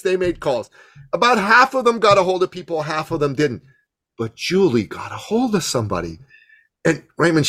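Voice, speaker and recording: A man telling an excited story as a podcast guest, repeating words and acting out what people said. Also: high-pitched. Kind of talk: animated storytelling.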